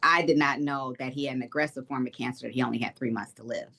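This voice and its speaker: A woman's voice: a bass voice, steady tone, quick pace, creaky, fairly bright tone. A woman from Detroit, a state representative, giving an earnest, reflective personal testimony as an interview guest. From Detroit, Michigan.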